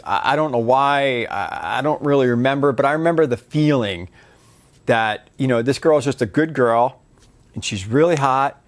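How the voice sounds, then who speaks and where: A man coaching on dating, telling a story to camera in a loose, rambling way with many fillers. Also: medium pitch.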